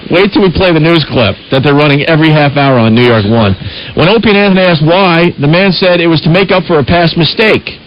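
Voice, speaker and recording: A man's voice: fairly high pitch, a little fast, dull audio. A male radio talk show host bantering with his co-host and reading a news article aloud with his own asides.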